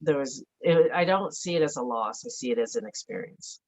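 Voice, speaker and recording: Low-voiced, reflective middle-aged woman. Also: animated, fairly quick, a little mellow. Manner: earnest, reflective, frequent "like" fillers. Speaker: interview guest. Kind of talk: candid conversational interview. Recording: dull lo-fi audio.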